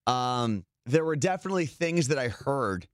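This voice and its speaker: A man's voice: medium pitch, expressive, normal speed, clear, resonant tone, dry recording. Easygoing man from New Jersey, dry sound. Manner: easygoing, explains at length with many fillers. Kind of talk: casual chat.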